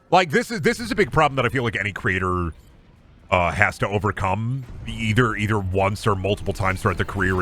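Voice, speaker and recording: A man's voice: fairly low pitch, pushed and bright, a little hiss or hum. A man streaming a game, chatting casually in a rambling, silly, self-deprecating way. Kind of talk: casual chat while gaming.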